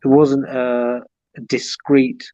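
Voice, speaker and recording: Guy hosting a livestream, mid pitch, muffled dry call audio, rambly chatty. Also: flat delivery, takes it slowly, mellow, dry recording. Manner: chatty, reminiscing in detail. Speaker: livestream host. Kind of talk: casual chat.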